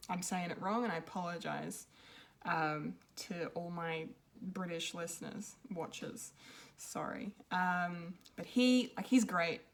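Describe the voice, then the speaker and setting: A woman's voice: fairly low pitch, slow pace, gravelly. A woman giving an unscripted film review, rambling and hesitant, with many ums and restarts. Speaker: pop culture reviewer.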